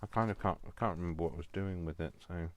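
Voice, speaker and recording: A man's voice: deep voice, very fast. A man hosting his own craft video, rambling along and teasing himself as he works. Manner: self-deprecating, talks to himself. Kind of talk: casual rambling craft tutorial.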